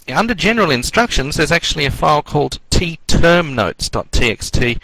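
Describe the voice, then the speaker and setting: A man's voice: medium pitch, no room sound, rough recording. Man, networking instructor, easygoing rambling delivery, dry close sound. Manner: relaxed, rambling, filler-heavy. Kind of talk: online class lecture.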